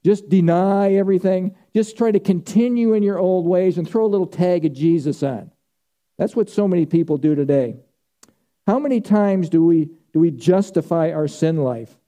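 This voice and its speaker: A man's voice: high-pitched, moderate pace, mellow. A middle-aged male pastor preaching a sermon, emphatic and repeating key phrases for weight.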